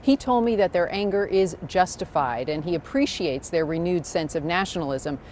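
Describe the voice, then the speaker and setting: Lady news reporter, low-ish voice, steady scripted read, faint background hum. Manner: measured scripted delivery.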